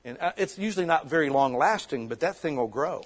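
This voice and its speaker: A middle-aged man preaches from the pulpit with fiery, conversational zeal, firing off rhetorical questions at his congregation. His voice sits a little high and has a husky edge. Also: lively intonation, brisk. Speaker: pastor. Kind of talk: sermon.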